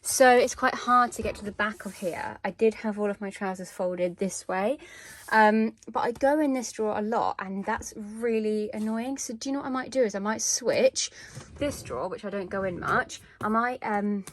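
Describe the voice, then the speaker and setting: A young woman chatting casually in her home vlog, rambling a little and laughing often as she tidies, filmed on a handheld phone. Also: mid-range voice. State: out of breath. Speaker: vlogger. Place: home, walking between rooms. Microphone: handheld phone camera.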